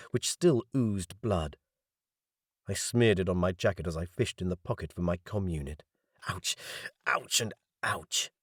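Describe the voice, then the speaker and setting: A man reading a science fiction audiobook in first person, measured and wry. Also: lowish voice, no echo, clean studio sound. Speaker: audiobook narrator.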